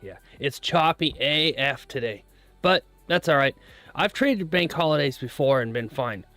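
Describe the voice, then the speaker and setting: A man's voice: a little high, lively intonation, a little slow, a bit bright, dry recording, faint music behind. A man hosting a trading live stream, chatting casually and easily with his viewers while checking charts. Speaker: livestream host, futures trader.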